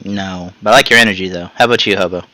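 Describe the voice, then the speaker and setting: A podcast host with a low-pitched voice talks very fast, spinning jokey, lively anecdotes punctuated by sound effects in a casual chat. The audio is poor, with no room sound.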